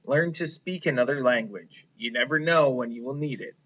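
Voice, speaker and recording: A wise mother mouse from a picture book teaches her children in a gentle, instructive way, voiced by a man. The tone is bright and forward. The recording is dull and lo-fi. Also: medium pitch, moderate pace, husky. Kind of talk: storybook reading.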